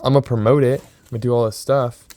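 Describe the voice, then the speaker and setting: An excitable young man in his early twenties rambles to the camera in a loose, casual vlog style, often circling back and repeating himself. His voice is smooth and clear, sitting at an ordinary pitch for a man. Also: quick pace. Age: 20s. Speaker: sports card seller and vlogger.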